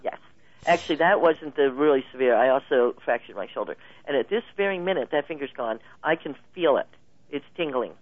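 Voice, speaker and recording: A woman guest telling stories in a casual interview, lively and laughing often. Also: extremely low pitch, brisk, no echo. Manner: animated storyteller, laughs often. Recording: tinny phone line, dry.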